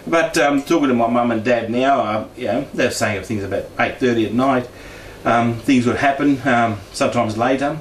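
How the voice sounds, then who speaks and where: A man from Brisbane, Australia, guest-speaking at a discussion group, tells a personal story that wanders with frequent restarts and asides. He has a mid-range voice, a moderate pace and few pauses; the distant mic and roomy space leave faint background noise.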